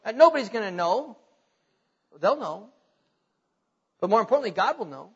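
A man's voice: high voice, very animated, moderate pace, breathy edge, in a large hall, muffled recording. A man, a pastor, preaching a sermon to his congregation in a conversational way, growing emphatic as he retells scripture.

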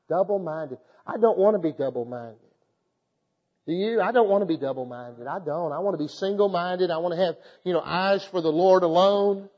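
High-voiced preacher in a hall. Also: male voice, darkish tone, lo-fi sound. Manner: folksy storytelling building to fervent preaching. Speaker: pastor. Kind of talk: sermon.

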